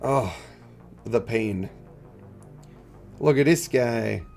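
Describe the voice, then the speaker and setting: A stuffed-up man live-streaming a mobile game, chatting in a low-key way and answering his chat. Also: extremely slow, vocal fry, a little mellow, faint music behind. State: congested, stuffed up. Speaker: gaming streamer.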